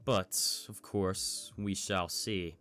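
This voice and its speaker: A man voicing a smug, scheming older male villain who taunts in a calm, measured way. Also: sits low, faint music behind, heavily acted. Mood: taunting.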